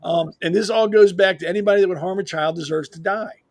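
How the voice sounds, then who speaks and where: A man's voice: high voice, fast talker, no echo, studio quality. A man co-hosting a political panel, speaking bluntly and emphatically. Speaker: co-host. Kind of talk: casual political panel talk.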